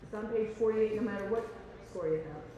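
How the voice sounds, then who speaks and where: A woman's voice: medium pitch, a little fast, mellow, muffled recording. A woman leading a choir rehearsal, chatty and joking, who sings rhythms on syllables and counts the singers in. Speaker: choir conductor. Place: large rehearsal hall. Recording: echoey hall from far off, with music.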